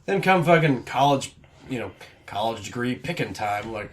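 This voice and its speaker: A young man telling profane, animated stories in a casual podcast chat recorded at a party, acting out quotes as he goes. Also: medium pitch, normal speed, slight background noise. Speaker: podcast host. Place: house party.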